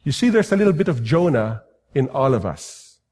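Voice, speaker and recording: A man preaching a sermon in a lively, animated way, now and then acting out comic voices. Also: mid-range voice, moderate pace, slightly rough, in a large hall. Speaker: pastor.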